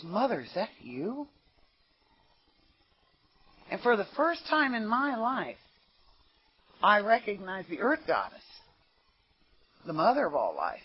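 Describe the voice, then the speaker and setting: An American woman with a mid-range, slightly rough voice shares an earnest recovery testimony at a meeting, speaking conversationally and often saying "you know." The recording was made in a meeting room on dull, lo-fi tape.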